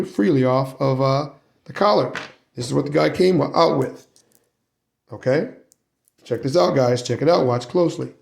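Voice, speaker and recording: A man's voice: on the high side, vocal fry, a little mellow, roomy sound. A man giving a casual hands-on how-to demonstration, chatty and often checking in with "right?" and "guys". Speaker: RC hobby video maker.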